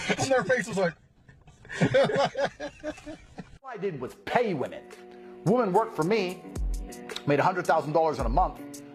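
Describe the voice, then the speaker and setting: A man's voice: high-pitched, sing-song, a little slow, pauses often, over music. A man ranting in a brash, combative and mocking way, with a lot of swearing. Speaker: media personality. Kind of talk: brash profane rant.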